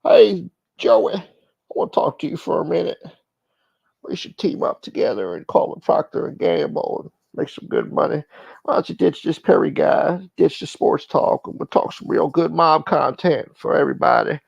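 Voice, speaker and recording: A man doing a higher voice as a pushy wiseguy who pitches a shady partnership with wheedling, persuasive tough-guy patter. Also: very animated, normal speed, creaky, darkish tone, breathy edge, no room sound, dull audio, full character voice.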